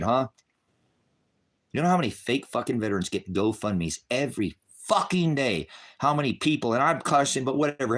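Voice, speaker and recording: A middle-aged man ranting to his viewers, cursing heavily and swinging between shouted outbursts and low bitter muttering. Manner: heavy cursing, bitter and raging. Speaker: online ministry broadcaster. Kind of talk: angry unscripted rant to viewers.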